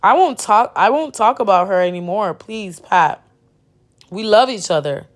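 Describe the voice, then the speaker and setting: A woman's voice: medium pitch, lively intonation, normal speed, close to an everyday voice. A woman reading the lines of a desperate young mistress who pleads with her lover. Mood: pleading.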